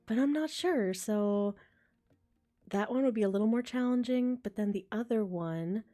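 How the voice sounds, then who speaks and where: A woman's voice: a little high, moderate pace, warm tone. Chatty woman rambling on a live stream. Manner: chatty and rambling, laughs often, thinks aloud. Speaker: ASMR voice creator streaming live. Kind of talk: casual live-stream chat reading comments. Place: home, a train passing outside.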